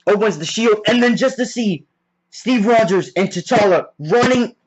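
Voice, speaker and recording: Excitable fan recapping a film, lo-fi. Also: male voice, high-pitched, measured pace, slightly rough. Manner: rambling, heavy on "like" fillers. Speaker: movie reviewer. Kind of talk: casual spoiler recap.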